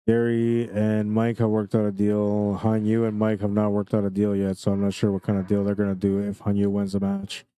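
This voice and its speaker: A man with a Canadian accent giving relaxed, chatty live commentary on a pool match and greeting viewers by name. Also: on the low side, a little fast, few pauses, clear, resonant tone, dry recording.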